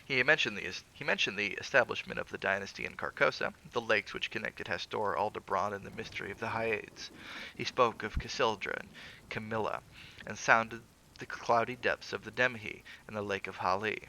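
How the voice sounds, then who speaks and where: A man with a low, gravelly voice narrates a classic horror tale in a measured, theatrical manner. His tone is bright and edgy, with occasional slips he corrects himself on. A faint hiss sits under the reading. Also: rough recording. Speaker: streamer reading aloud.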